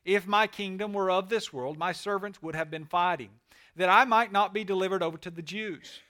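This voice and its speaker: Man reading a composed accused teacher, measured, clear-toned and slightly high. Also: sharp tone. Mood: calm. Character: calm male teacher on trial.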